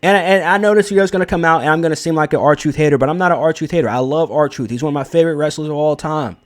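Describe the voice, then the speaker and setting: A man's voice: fairly high pitch, fast talker. Blunt, profane young man ranting. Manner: blunt, profane, emphatic with frequent fillers. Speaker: wrestling commentary host. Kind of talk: casual opinion commentary.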